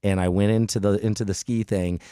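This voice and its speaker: Chatty middle-aged man, low voice. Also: a little fast, clean tone, no room sound, studio quality. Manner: animated, chatty, frequent restarts. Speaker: podcast host. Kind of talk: casual storytelling chat.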